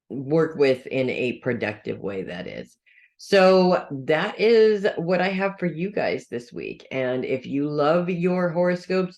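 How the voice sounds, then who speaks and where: A woman's voice: lowish voice, darkish tone. A woman reading weekly horoscopes in a casual, chatty way. She talks straight to her viewers and corrects herself as she goes. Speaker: astrology reader.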